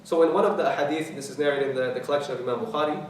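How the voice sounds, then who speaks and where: A man lectures as an imam, walking through the meaning of scripture and leaning on repeated key words. He talks fast and recites passages rapidly. His voice comes from a distance across a very reverberant hall with faint noise behind it. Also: fairly high pitch. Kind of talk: tafsir lecture. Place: mosque hall. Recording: very echoey hall, mic at a distance.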